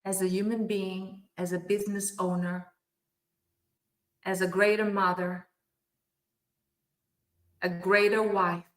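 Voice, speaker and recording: A keynote speaker at a virtual summit delivers a motivational speech over a video call in a mid-range, level voice. She talks slowly, pauses often, repeats her phrases and affirms them with frequent "yes," and the audio has a roomy echo.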